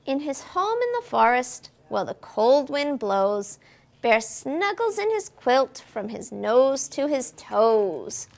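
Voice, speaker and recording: At a library storytime, a woman who works as a children's librarian reads a picture book in a lively, sing-song manner and asks the kids questions. Her voice is high-pitched with vocal fry, and she moves at a slow pace.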